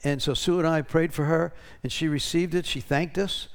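A man's voice: a little high, fairly even intonation, moderate pace, smooth. A pastor talking casually to his congregation, drawing out testimonies and often checking in with "right?". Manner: conversational, tag questions.

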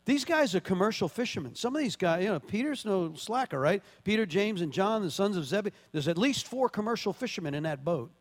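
Male pastor, high voice, conversational sermon with sudden emphatic bursts, long hall reverb. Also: animated, brisk, hardly any pauses. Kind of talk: sermon with scripture reading.

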